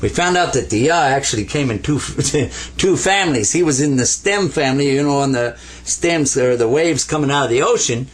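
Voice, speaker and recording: A man's voice: mid-range voice, normal speed. A man teaching an Arabic lesson in a folksy, playful way, drawing letters as he explains them and drawing out the sounds he drills. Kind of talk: whiteboard language lesson.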